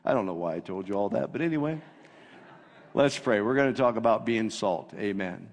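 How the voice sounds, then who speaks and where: A man's voice: lowish voice, lively intonation, fairly quick. A man preaching a sermon as pastor, reading scripture with rising emphasis. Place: church sanctuary. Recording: long reverb of a church hall.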